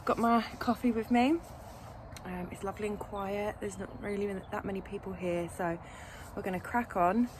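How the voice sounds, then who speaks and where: A woman's voice: mid-range voice, fairly even intonation, normal speed. A young woman chatting casually to camera while working on her allotment plot, self-deprecating and full of ums. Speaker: allotment vlogger. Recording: outdoor camera audio with noise.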